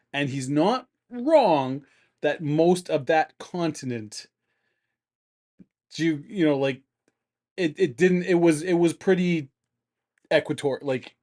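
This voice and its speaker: A man with a fairly high voice co-hosts a relaxed chat. He laughs often and mockingly paraphrases a radio guest's claims. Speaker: co-host. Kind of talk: casual chat.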